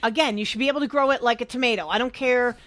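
A woman co-hosting a casual podcast, blunt and animated, swearing freely as she gives her opinions. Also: fairly high pitch, very fast, dry recording. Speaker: podcast co-host. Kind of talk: casual chat.

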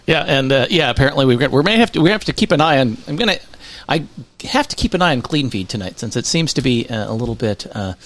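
A man co-hosting a casual podcast livestream who talks haltingly, restarts often and laughs a lot. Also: medium pitch, expressive, fairly bright tone. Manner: hesitant, full of restarts and fillers, laughs often. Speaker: podcast co-host.

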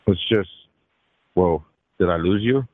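A man's voice: low voice, unhurried. A man calling in to a talk show, venting in a rambling, profane, exasperated way. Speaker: caller. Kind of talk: call-in chat. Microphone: phone. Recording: tinny dry phone line.

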